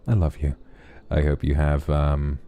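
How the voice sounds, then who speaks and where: A man streamer reading out viewer donation messages in a sleepy ASMR style, soft, affectionate and relaxed, close to the microphone. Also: rumbling low, measured pace.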